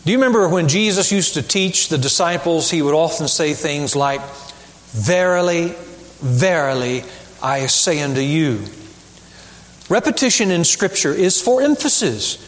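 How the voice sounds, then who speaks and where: A male pastor preaching a sermon, emphatic, with rhetorical questions and deliberate repetition. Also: fairly high pitch, animated, in a large hall. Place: church sanctuary.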